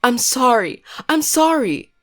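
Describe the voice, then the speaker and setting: A woman's voice: high voice, sing-song, slow pace, faint music behind, voice pushed up, full character voice. A woman voicing a terrified teenage girl who is sobbing and pleading in a panic. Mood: hysterical.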